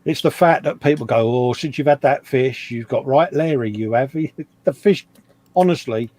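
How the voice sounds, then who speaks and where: A man's voice: medium pitch, moderate pace, darkish tone, dry recording. Laughing, matey English man. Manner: laughing, matey, says "mate" often. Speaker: co-host reading live chat. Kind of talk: casual live-stream banter.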